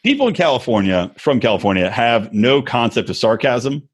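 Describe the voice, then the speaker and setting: A man's voice: medium pitch, sing-song, moderate pace, husky. A man co-hosting a podcast, telling stories in a profane, sarcastic, casual way. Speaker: podcast co-host. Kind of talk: casual chat.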